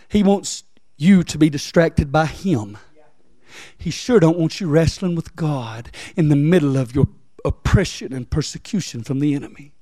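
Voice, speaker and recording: Guy preaching, high voice, repeats himself and climbs into half-singing. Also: dark tone, no echo, clean studio sound. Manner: rises into emphatic, near-sung preaching. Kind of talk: sermon.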